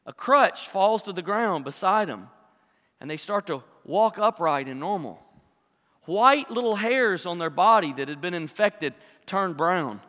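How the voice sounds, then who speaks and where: A man with a very high, bright voice preaches a sermon in a church sanctuary. His delivery is dramatic, rising into loud acted-out cries and dropping into hushed asides. A long hall reverb trails every phrase. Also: expressive, a little slow. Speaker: pastor.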